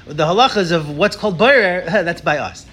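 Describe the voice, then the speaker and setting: A man leading a casual Torah discussion, telling stories in an animated way with many restarts. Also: high voice, brisk, breathy edge.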